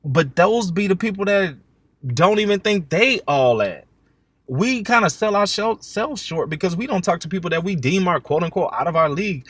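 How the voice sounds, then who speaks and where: A young man hosting a podcast, telling a casual dating story with jokes and swearing, acting out his text exchanges in lively voices. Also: sits high, moderate pace, breathy edge, no room sound. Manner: animated, jokey, swears freely, acts out text exchanges. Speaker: podcast host.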